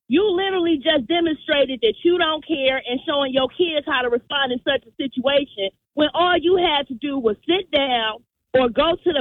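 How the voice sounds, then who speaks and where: Woman calling in over a tinny phone line. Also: high-pitched. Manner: animated storyteller, acts out quotes. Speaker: caller. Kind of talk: call-in radio story.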